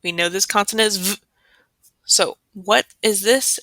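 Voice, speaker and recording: A woman tutor leads a phonics lesson at an unhurried, deliberate pace, sounding out letters and saying each word twice. Her voice is bright and clear, recorded dry and close with no room sound. Keys tap faintly in the background. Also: mid-range voice, fairly even intonation, no echo. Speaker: literacy tutor.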